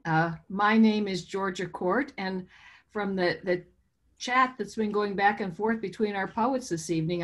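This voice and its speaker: A woman's voice: medium pitch, dull audio. A woman who owns a bookstore, hosting and introducing poets at a reading held over video call, in a chatty, informal manner. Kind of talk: introducing a virtual poetry reading.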